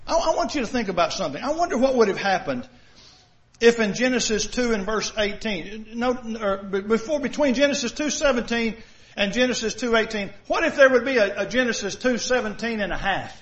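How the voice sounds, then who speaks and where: A male pastor gives a sermon in a high, expressive voice at a brisk clip. He preaches conversationally and puts many rhetorical questions to the congregation. The recording is dull and lo-fi.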